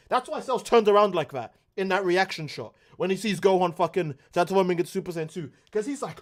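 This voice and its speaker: Animated, swearing male game streamer. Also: high voice, brisk, hardly any pauses, no room sound, clean studio sound. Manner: profane, ranting, animated. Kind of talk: casual gaming stream commentary.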